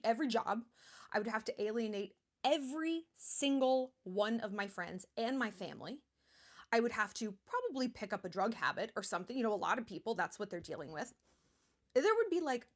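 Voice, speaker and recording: A woman in her thirties hosts a charity livestream, chatting casually in a blunt way with lots of fillers. Her voice is fairly high, expressive and brisk.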